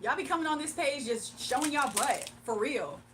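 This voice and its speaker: A woman's voice: high-pitched, expressive, moderate pace, background noise. A woman hosting a casual livestream, sassy and exasperated as she answers chat comments. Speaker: livestream host reading chat.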